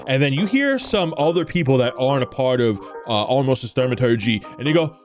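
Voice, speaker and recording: Easygoing game master, male, animated delivery, music bed. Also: mid-range voice, quick pace, few pauses. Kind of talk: narrating a tabletop game.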